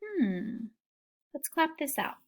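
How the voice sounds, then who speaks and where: A woman teaching young children a phonics lesson, slow and encouraging in a sing-song way, with soft whispered asides. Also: sits high, very animated.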